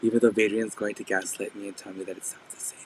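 A hoarse man who is losing his voice, hosting a casual live-stream sale and describing each item in detail. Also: lowish voice, flat delivery, quick pace, background noise. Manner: chatty, describes items in detail.

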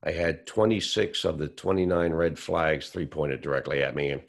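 A man telling a long personal story in an interview, animated and acting out what others said. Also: extremely low pitch, normal speed, vocal fry. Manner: animated storyteller who acts out quotes. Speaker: whistleblower telling his story.

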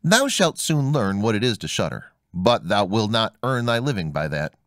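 A man's voice: lowish voice, big pitch swings, moderate pace, fairly bright tone, dry recording, studio quality. A man voicing a weary, exasperated old father who scolds in old-fashioned speech, in a storybook reading. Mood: resigned.

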